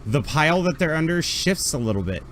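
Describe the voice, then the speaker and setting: A man running a tabletop role-playing game as game master, narrating scenes and reacting to players with animated energy. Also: brisk, slight background noise. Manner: animated, laughing, jumps into high character shouts.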